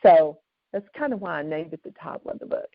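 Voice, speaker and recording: A woman, a guest author, telling lively stories during an interview, on a dull, dry recording. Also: low-pitched, fairly quick, dry recording. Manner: animated, lively storyteller. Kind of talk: storytelling in an interview.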